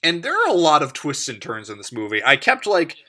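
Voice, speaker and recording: A man co-hosting a casual movie podcast, animated, swearing and laughing often. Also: fairly high pitch, brisk. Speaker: podcast co-host.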